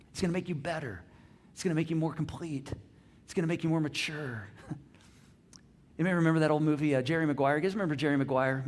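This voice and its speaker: A middle-aged man preaches with a somewhat high voice, rising to loud emphasis and then dropping to near hush. He stumbles over repeated words as he presses a point. He turns to the congregation with questions. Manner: animated, swings from loud emphasis to soft hushed lines. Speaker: pastor. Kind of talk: sermon.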